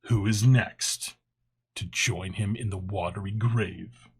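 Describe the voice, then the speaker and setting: A man hosting a podcast in a casual chat, joking and upbeat with quick patter. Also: lowish voice, fairly even intonation, breathy edge. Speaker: podcast host.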